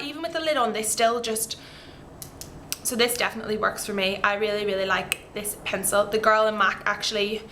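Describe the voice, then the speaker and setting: A beauty vlogger talks excitedly and informally about her top makeup picks, demonstrating them to the camera with rambling asides. Her voice is a little high, bright and forceful, and there is slight background noise.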